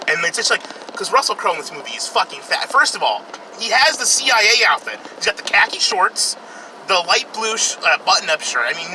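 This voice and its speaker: A man's voice: sits high, background noise. A young man casually reviewing a film while driving, rambling, profane and sarcastic. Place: in a car, outdoors traffic.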